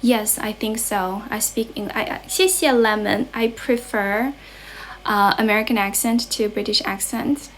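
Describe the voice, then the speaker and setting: A woman's voice: medium pitch, steady tone, a little slow, slight background noise. A young Chinese woman, an English tutor, chatting casually on a livestream and reading out viewers' comments. She mixes English with Mandarin and often stops to correct herself.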